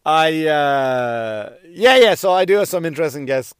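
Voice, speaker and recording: A man's voice: a little high, expressive, normal speed, smooth, no echo, clean studio sound. A middle-aged man hosting his own podcast, rambling through a comedic monologue with self-deprecating asides and sudden sung outbursts. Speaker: podcast host. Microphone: podcast microphone.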